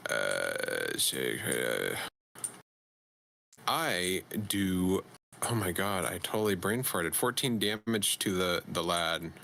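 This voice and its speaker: A man's voice: low voice, big pitch swings, slow pace, vocal fry, sharp tone. A man playing a tabletop game, describing his character's actions with many fillers and restarts. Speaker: player.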